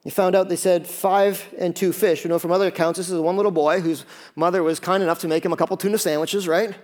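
A man preaching a sermon in a lively, conversational way, with quick asides and acted-out quotes. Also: sits high. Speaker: pastor.

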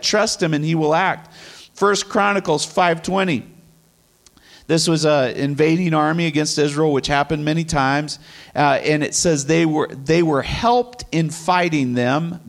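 A man's voice: on the high side, vocal fry. A middle-aged man teaching from the Bible in an earnest, conversational way, repeating his key phrases. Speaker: preacher.

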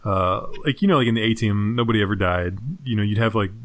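A man's voice: fairly low pitch, quick pace. A young man co-hosting a casual movie review chat, laughing often and rambling with restarts. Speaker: podcast co-host.

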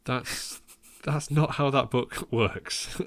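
A man's voice: mid-range voice, fairly even intonation, very slow, a bit bright. A man hosting a casual film podcast, talking in a wry way with many ums and chuckles at his own jokes. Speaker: podcast host.

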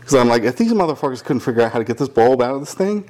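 Talking very fast at a medium pitch, a young podcast co-host rattles through a long, casual story. He curses freely, stays animated, and quotes people in different voices.

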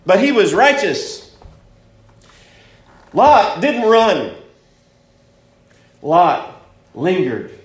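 A man preaching a sermon, hushed in prayer and rising to emphatic points. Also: on the high side, roomy sound. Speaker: pastor.

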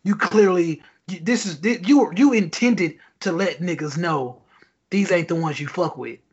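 A man's voice: high voice, a little slow, darkish tone, slightly rough, highs cut off. A man hosting a casual podcast chat, loosely posing questions to his co-host with lots of fillers.

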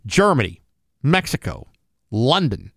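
A man's voice: medium pitch, sing-song, unhurried, no echo. A man co-hosting a morning radio show, chatting casually and reading station IDs and sponsor plugs from a studio microphone.

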